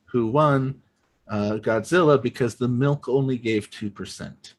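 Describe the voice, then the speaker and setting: A man's voice: medium pitch, unhurried. A man hosting an improv comedy show, chatting casually with lots of ums and self-mocking jokes as he explains the games.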